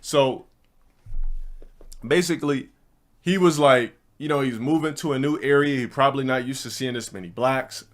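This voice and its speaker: A man's voice: medium pitch, moderate pace, long pauses. A man streaming, telling a rambling story to his chat in blunt, profane casual talk. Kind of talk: casual ranting monologue to a live chat.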